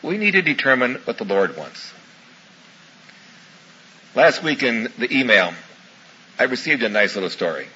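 Lively, bright-voiced male preacher. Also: mid-range voice, normal speed, pauses often, highs cut off, slight background noise. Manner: folksy storytelling, warm asides, chuckles. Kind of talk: sermon with folksy anecdotes.

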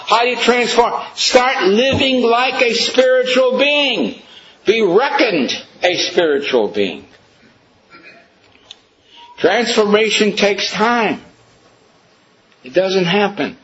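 A man's voice: very high-pitched, animated, slow, long pauses, fairly bright tone, muffled recording, a little hiss or hum. A man preaching a storytelling sermon, emphatic and questioning his listeners.

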